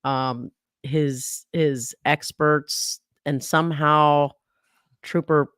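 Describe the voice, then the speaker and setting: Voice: medium pitch, steady tone, very slow, fairly bright tone, clear, resonant tone, no room sound, studio quality. A guest commentator analyzing a trial in casual podcast talk, who often restarts sentences and laughs in disbelief.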